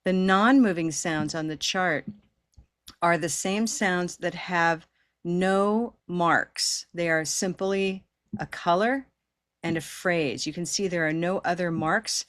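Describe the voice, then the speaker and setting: Woman, pronunciation teacher on a video call; patient, encouraging, lowish pitch, dry sound. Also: takes it slowly, a bit bright, no room sound. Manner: patient, encouraging, models long held vowels. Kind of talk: online class teaching.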